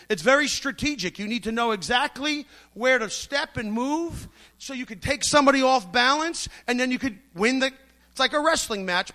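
A man's voice: extremely high pitch, bright, forceful tone. A middle-aged man preaching a sermon, emphatic and storytelling, acting out the voices he quotes.

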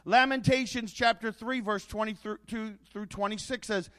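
A man's voice: high-pitched, steady tone, moderate pace, hardly any pauses, a bit bright. A man preaching a sermon as pastor, emphatic, building his points with repeated rhetorical questions.

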